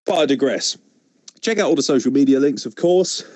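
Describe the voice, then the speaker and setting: A man's voice: mid-range voice, animated, brisk, a little mellow, no echo, clean studio sound. A man hosting a casual wrestling podcast, joking and chatty. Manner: joking, mock wrestling promo bits. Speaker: podcast host.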